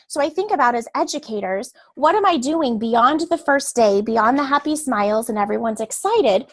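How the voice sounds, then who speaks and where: A woman's voice: on the high side, expressive, normal speed, hardly any pauses, no room sound. A woman teacher giving an earnest, explanatory lecture to adult learners before a read-aloud. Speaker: teacher educator.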